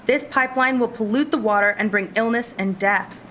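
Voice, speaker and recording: A woman's voice: fairly high pitch, brisk, fairly bright tone, a little hiss or hum, close to an everyday voice. A woman in a game role giving a scripted, indignant activist statement with rhetorical questions. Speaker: protest video speaker.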